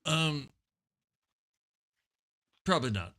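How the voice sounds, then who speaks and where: A man doing a mumbling, eccentric male movie star who rambles through odd answers and brushes people off. The voice comes across bright, in a comedy talk-show bit. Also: fairly high pitch, animated, drawn-out words, heavily acted. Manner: mumbling, rambling, abruptly dismissive.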